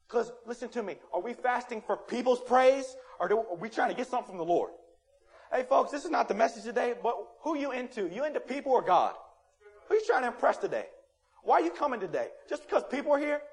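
A man preaching a sermon in a church, animated and playful, acting out quotes and rising to loud emphasis. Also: very high-pitched, fast. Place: church sanctuary.

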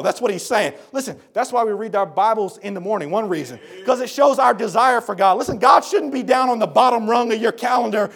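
A man with a high, gravelly voice preaches a sermon. He talks to his listeners as folks in a plain, earnest way. He moves between quiet explaining and loud, fervent appeals. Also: animated, a little fast. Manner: swings between low explanation and shouted appeals.

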